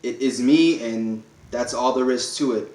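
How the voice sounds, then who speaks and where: A man's voice: medium pitch, a little slow, darkish tone, echoey room, rough recording. A man reading a formal proclamation aloud to camera, stressing each clause one by one and stumbling now and then. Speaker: self-declared speaker reading a public proclamation. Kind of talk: read-aloud declaration to camera.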